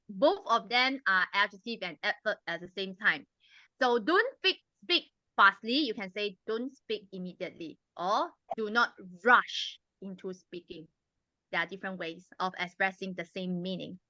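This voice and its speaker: A woman, the club president, explaining grammar and pronunciation to a meeting in a patient, teacherly way and drilling sounds slowly. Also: on the high side, sharp tone, no room sound, highs cut off. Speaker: club president giving a language evaluation.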